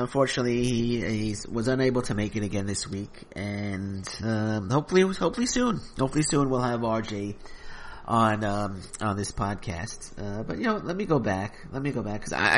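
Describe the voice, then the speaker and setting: Rambling New man hosting a podcast. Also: on the low side. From Flushing, Queens, New York. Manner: rambling, hesitant, full of restarts. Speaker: podcast host. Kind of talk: casual comedic monologue.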